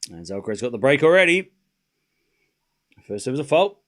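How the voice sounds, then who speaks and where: Very animated and fairly quick, this man's mid-range voice carries a live tennis watchalong stream he's hosting. Between laid-back score calls he chats, laughs and swears freely.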